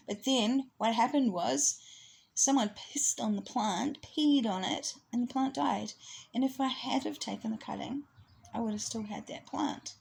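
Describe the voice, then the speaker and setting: Woman rambling about nature and spirit stuff, breathy and a bit high, chatty with little laughs. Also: unhurried, a little mellow, rough recording. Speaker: astrology presenter. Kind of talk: casual spiritual talk.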